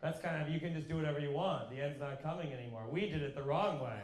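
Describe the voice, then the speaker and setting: A man doing stand-up crowd work, quick and mocking, laughing at his own jokes on a club stage. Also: fairly high pitch, reverberant.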